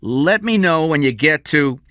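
A man's voice: a little high, animated, measured pace, no room sound, clean studio sound, pitched above the performer's own voice. A man doing a curt, angry kidnapper. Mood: commanding. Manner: curt, forceful. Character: angry stubborn male kidnapper.

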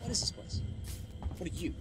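A young man doing let's play commentary, sarcastic and excitable, swearing freely. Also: a little fast, noisy background. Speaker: gaming YouTuber. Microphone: webcam setup. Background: game music and sounds.

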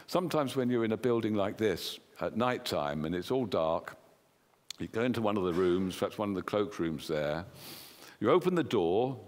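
A man with an English accent preaching a sermon in a church, earnestly putting questions to the congregation. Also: on the low side. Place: church hall. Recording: long hall reverb.

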